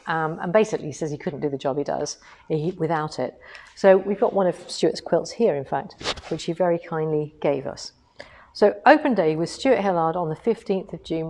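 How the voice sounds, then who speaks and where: A woman's voice: lowish voice, a little mellow. Chatty enthusiastic woman demonstrating. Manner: chatty, enthusiastic, rhetorical asides. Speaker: co-host of a quilting shop livestream. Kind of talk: casual livestream chat and product demo.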